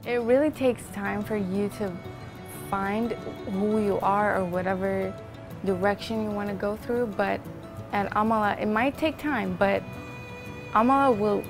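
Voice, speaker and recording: Creaky-voiced woman speaking thoughtfully. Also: medium pitch. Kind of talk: testimonial interview. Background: music.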